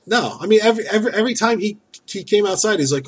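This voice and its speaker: A man's voice: high-pitched, animated, quick pace, slight background noise. A man chatting casually as podcast co-host, complaining sarcastically and swearing. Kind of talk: casual chat.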